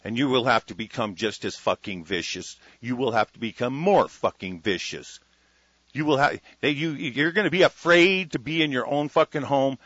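A man hosting a solo talk radio show, ranting with heavy profanity, dropping from muttered asides to loud declarations. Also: medium pitch, moderate pace, breathy edge, no room sound. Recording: lo-fi radio broadcast sound.

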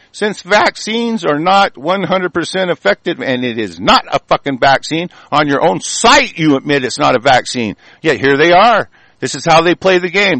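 A man with a fairly high voice launches into a furious, profane rant and breaks into shouts now and then. The sound is dry and close, with no room around him. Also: no echo. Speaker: political ranter. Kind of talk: angry profane monologue.

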